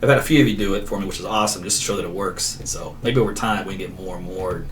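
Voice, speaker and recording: Racing along in a low voice, the middle-aged meteorologist rambles through side topics and laughs often while hosting his casual stream. Faint background noise comes through a mic placed a little far away.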